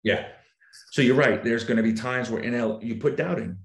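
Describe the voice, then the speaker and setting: A man in casual podcast chat, telling sales stories and acting out his phone pitches with shifting tone. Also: moderate pace. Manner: animated, acts out sales calls with shifting tone. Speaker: real estate agent, guest. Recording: roomy echo.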